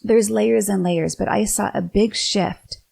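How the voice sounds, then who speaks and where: A woman's voice: mid-range voice, steady tone, unhurried, gravelly, a little mellow, breathy edge. A woman in her forties hosting a podcast, telling a personal story in an earnest, candid way with some restarts. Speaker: podcast host.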